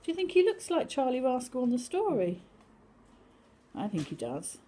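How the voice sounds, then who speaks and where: An older woman reading a picture book to young children, sing-song and animated, now and then dropping to a whisper. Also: high voice, normal speed, slight background noise.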